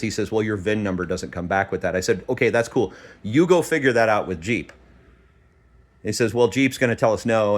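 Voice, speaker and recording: A middle-aged man telling a story in a casual vlog, animated and exasperated, acting out quoted dialogue as he goes. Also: on the low side. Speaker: vlogger.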